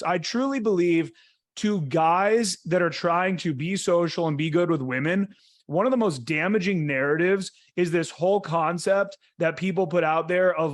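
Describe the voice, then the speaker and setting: Man, young adult, blunt, profane, emphatic, podcast host, a bit high-pitched. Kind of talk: casual podcast talk.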